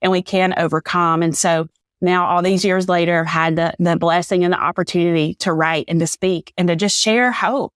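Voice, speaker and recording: A woman's voice: fairly low pitch, fairly even intonation, normal speed, no room sound, clean studio sound. A woman, a podcast guest giving an earnest, faith-filled personal testimony, a little teary. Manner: earnest, faith-filled storytelling, says "y'all".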